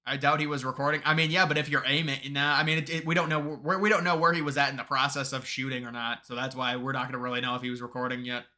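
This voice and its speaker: A man with a very bright, sharp-edged voice hosts a live stream. He talks loosely with his viewers, greets them and answers their comments, and often trips over and restarts his sentences. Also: medium pitch, little pitch movement, rapid-fire, hardly any pauses. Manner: rambling, restarts sentences, reads chat aloud.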